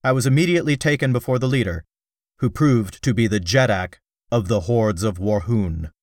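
A man's voice: medium pitch, moderate pace, no echo, studio quality. Man reading an adventure audiobook. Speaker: audiobook narrator. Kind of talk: scripted first-person narration.

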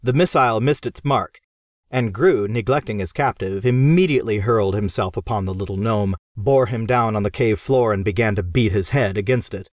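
A man narrating an audiobook in a lively, expressive storytelling manner. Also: on the low side, moderate pace, dry recording, studio quality.

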